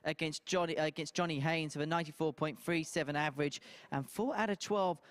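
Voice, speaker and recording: A man hosts a live darts broadcast right beside the stage, keeping his voice to a hushed half-whisper. His pitch sits a little on the high side for a man, and he moves through the introduction in a steady, measured way. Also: smooth. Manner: quiet, half-whispered delivery. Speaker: studio presenter.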